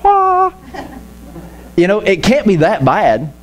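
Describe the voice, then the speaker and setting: A man's voice: a little high, normal speed, faint music behind. A man preaching a casual, joking sermon in church, often acting out the voices of the people he quotes. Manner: lively, jokey, acts out quoted voices. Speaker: pastor. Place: church auditorium.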